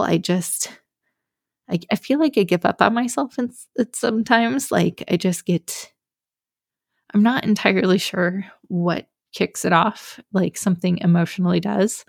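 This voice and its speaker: A young adult woman talks openly about her own struggles in a solo podcast, rambling a little with fillers. Her voice has a frequent gravelly fry. She sits close to the mic in a dry, dead room. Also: medium pitch, darkish tone, dry recording. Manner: candid, confessional, many fillers. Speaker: podcast host. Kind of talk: personal solo podcast talk.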